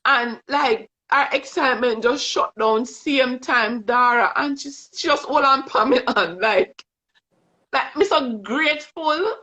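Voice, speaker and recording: A woman's voice: high voice, slow pace, pushed and bright. A woman with a Jamaican accent, a guest telling earnest, emotional stories in casual chat. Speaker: guest, vision board coach. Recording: dull lo-fi stream audio.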